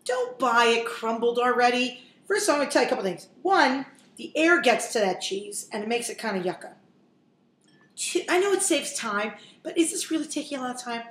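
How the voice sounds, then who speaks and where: Cooking host, woman, 40s, high and chatty with wisecracks, roomy echoey kitchen. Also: animated, brisk, fairly bright tone. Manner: chatty, jokey, talks straight to viewers. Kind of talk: casual cooking demonstration.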